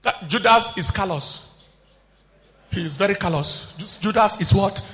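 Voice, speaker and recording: A man preaching a sermon, swinging between shouted declarations and low, quiet asides, often calling out questions to the congregation. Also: moderate pace, long reverb tail.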